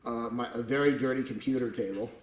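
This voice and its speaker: A man's voice: medium pitch, steady tone, fast, slight background noise. Chatty man in an echoey room. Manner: chatty and meandering, jokey asides. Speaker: tech video creator. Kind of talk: rambling off-camera vlog commentary. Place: at home at a computer table.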